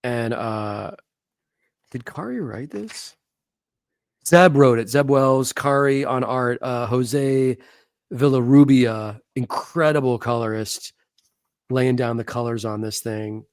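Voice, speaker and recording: Gravelly, enthusiastic comic artist man. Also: mid-range voice, takes it slowly, dry recording. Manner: enthusiastic, slangy, swears casually. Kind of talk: casual chat about comics.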